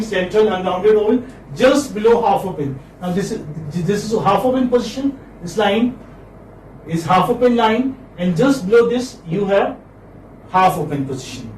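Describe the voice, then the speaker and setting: Male phonetics lecturer, high voice, distant mic, faint hiss, patient and repetitive. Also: a little mellow. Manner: repeats words slowly, asks "hmm?" to check students. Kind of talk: classroom lecture. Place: classroom. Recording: echoey room, mic from afar, faint noise.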